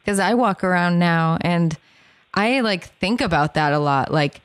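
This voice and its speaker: A woman's voice: lowish voice, a little slow, smooth, no echo, studio quality. A woman chatting casually with friends, talking in a rambling way. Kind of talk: casual chat among friends.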